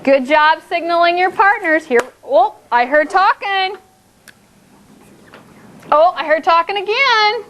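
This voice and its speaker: A woman leads young children through a phonics lesson in a very high, bright voice. She keeps it upbeat and encouraging, slowing right down to stretch out each word she models. A faint hiss of room noise sits under the classroom recording. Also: animated. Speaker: teacher. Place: classroom with small group of children.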